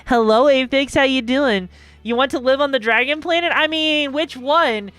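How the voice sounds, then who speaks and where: A woman's voice: high-pitched, moderate pace, a bit bright, no echo. A woman streaming live, chatting loosely with her viewers in a bubbly, rambling way. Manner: bubbly, chatty, talks to chat, rambling asides. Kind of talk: casual live-stream chat. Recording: dry close mic, faint music behind.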